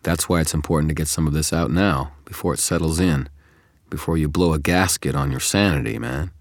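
Audiobook: knowing male double, wry and coaxing, very deep, dry, as a man reads him. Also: brisk, no room sound. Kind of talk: audiobook character reading.

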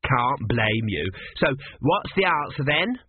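A man voicing a fussy, slow-witted sphinx that grumbles and gets flustered, reading a comic storybook. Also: mid-range voice, very animated, slight background noise. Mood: smug. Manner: grumbling, doubtful, easily flustered. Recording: tinny phone-like audio.

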